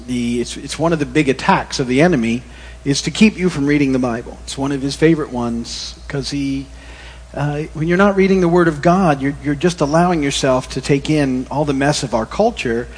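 A middle-aged male pastor giving a relaxed, conversational sermon that wanders into corny jokes. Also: mid-range voice, slightly rough. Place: church. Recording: long reverb in a church hall.

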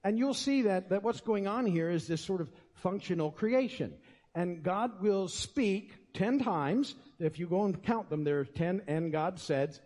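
A man's voice: high-pitched, lively intonation, unhurried, darkish tone. A man preaching a sermon as pastor, in a conversational, folksy way. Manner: conversational, folksy, with many fillers and restarts. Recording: long reverb of a church hall.

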